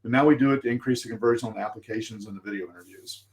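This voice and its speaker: Man, mid-pitched voice, lively, acts out examples, casual video call talk. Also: rapid-fire, a little hiss or hum, low-quality recording. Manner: lively, acts out sample messages. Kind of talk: casual roundtable discussion.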